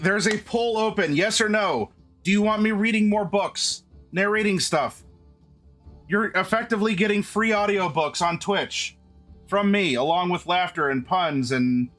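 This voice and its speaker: Chatty high-voiced man streaming live. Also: measured pace, a bit bright, soft background music. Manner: chatty, restarts often, addresses chat directly. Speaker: streamer host. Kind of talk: casual live-stream chat.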